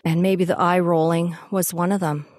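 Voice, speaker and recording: Middle-aged woman, low voice, dry close sound, candid, thoughtful podcast host. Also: level tone, normal speed, a little mellow, dry recording. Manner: candid, thoughtful, self-critical. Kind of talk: casual conversation.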